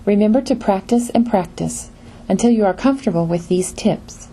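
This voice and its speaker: A woman giving a scripted pronunciation lesson in an even lecture manner. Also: mid-range voice, slight background noise. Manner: slow, even lecture delivery. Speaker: pronunciation teacher. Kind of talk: scripted narration.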